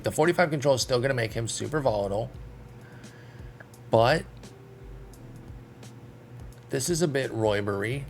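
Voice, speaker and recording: A man's voice: lowish voice, gravelly, slight background noise. A man casually commenting on a baseball management game, thinking aloud in a chatty, self-deprecating way. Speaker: video game streamer.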